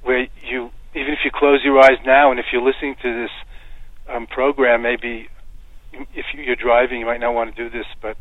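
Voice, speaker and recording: An American man, a Buddhist teacher, giving calm, meandering interview answers and leading a guided meditation. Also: medium pitch, no room sound. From United States. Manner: calm, unhurried, meandering with soft fillers. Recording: tinny phone-like line, dry.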